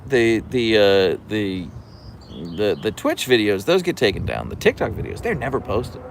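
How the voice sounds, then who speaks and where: A man's voice: big pitch swings, moderate pace, background noise. A young man hosting a casual livestream, reading chat aloud with dry, sarcastic banter. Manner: often trails off into low gravelly murmurs.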